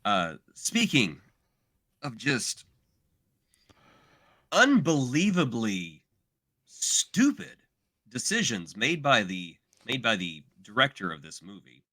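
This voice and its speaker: A man co-hosting a podcast in casual, animated chat, exaggerating and slipping into mock voices. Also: medium pitch, takes it slowly, long pauses. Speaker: podcast co-host.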